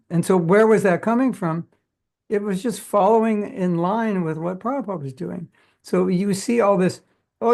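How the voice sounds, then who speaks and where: A man's voice: on the high side, a little mellow. An older man giving an informal spiritual class, talking conversationally, acting out imagined dialogue and asking his listeners questions. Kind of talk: informal sermon. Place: class at a community temple.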